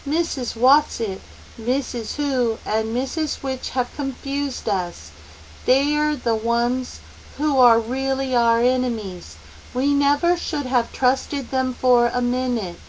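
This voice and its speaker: A woman voicing a small boy who is possessed and speaks in a calm, bland, reasonable way. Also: on the high side, takes it slowly, a little hiss or hum, voice pushed up, low-quality recording. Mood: coldly calm.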